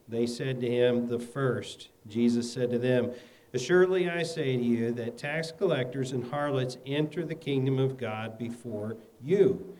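A man's voice: medium pitch, darkish tone, low-quality recording. Man reading scripture aloud in church. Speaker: scripture reader. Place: church hall.

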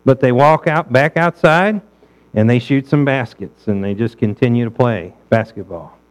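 A man's voice: mid-range voice, moderate pace, low-quality recording. A male pastor preaching a sermon in a conversational way, asking his listeners rhetorical questions.

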